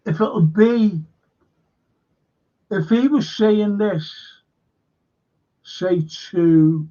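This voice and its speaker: An older man speaks extremely slowly in a warm voice that sits high as he hosts a relaxed livestream. He reads the chat, rambling with many fillers and repeating himself, all captured in dull lo-fi stream audio.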